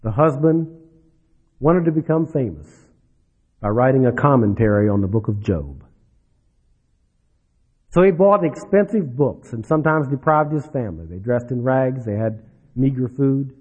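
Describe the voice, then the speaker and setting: A man preaching a sermon, dropping low and soft then rising for emphasis. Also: lively intonation, moderate pace, long pauses, breathy edge. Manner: dramatic, swings between soft drops and rising emphasis. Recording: dull lo-fi recording.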